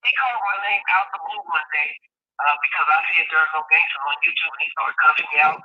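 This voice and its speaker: Fast earnest man on a phone line. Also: fairly high pitch. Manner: earnest, insistent, repeats his points. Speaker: caller. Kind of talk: casual call-in talk. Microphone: phone held close.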